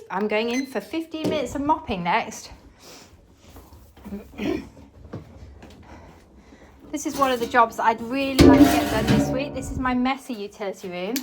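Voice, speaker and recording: An English woman who makes cleaning videos chats away to her viewers while vacuuming and mopping her farmhouse kitchen and utility room, her voice a little high. The work leaves her slightly breathless and hoarse, and she often trails off and starts again. Household noise is clearly audible behind her.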